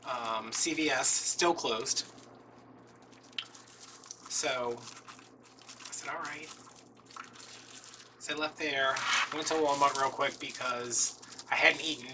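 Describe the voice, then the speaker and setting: A craft video host chats casually, telling a rambling, self-deprecating story about his day. He speaks slowly with frequent pauses, in a medium-pitched, steady voice. A distant mic picks him up with faint noise.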